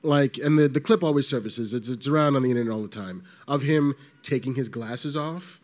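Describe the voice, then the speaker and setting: Panel host guy, fired up, swears a lot, mid pitch. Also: fairly quick. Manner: swears freely, passionate, animated. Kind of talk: casual panel talk.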